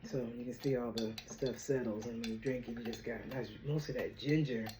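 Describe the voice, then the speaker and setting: A woman's voice: very deep voice, steady tone, a little fast, noisy background. A woman hosting a casual home video chat, playful and chatty, often laughing. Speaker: vlogger host. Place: at home indoors. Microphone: camera.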